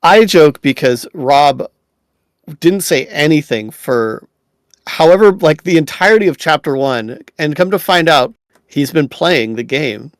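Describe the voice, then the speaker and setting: A man with a slightly raised pitch co-hosts a relaxed gaming podcast. He jokes in a flat, facetious deadpan, and the recording is dry and close with no room sound. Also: measured pace, no echo. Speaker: podcast co-host. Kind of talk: casual chat.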